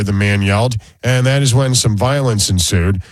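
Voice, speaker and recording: A man's voice: fairly low pitch, normal speed, dry recording, low-quality recording. A man co-hosting a radio show, reading sports headlines and chatting about them casually. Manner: reads headlines then riffs dryly. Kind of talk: casual talk radio banter, reading news items.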